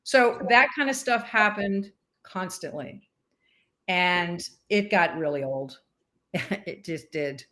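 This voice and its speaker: An older woman, once a sportscaster and umpire, speaks slowly at a fairly low pitch as she tells stories in a casual interview. She performs the dialogue like an animated storyteller.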